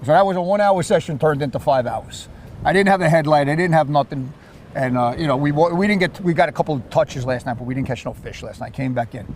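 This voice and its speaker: New York surf fisherman, lively raised voice, outdoors with faint background noise. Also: on the high side, fast. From Queens, New York. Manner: animated storyteller with repeated words and restarts. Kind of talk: casual chat.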